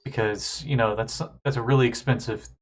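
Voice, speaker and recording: A man's voice: medium pitch, fairly even intonation, fairly quick. A man narrating as game master, hesitant, with many ums and restarts.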